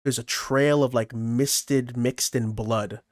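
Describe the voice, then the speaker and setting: Man, podcast co-host, lively storyteller, swears freely, mid-pitched, dry close sound. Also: slow pace, no room sound. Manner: animated, expressive storyteller with frequent swearing and laughter. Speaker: podcast co-host, camp director. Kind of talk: casual storytelling chat.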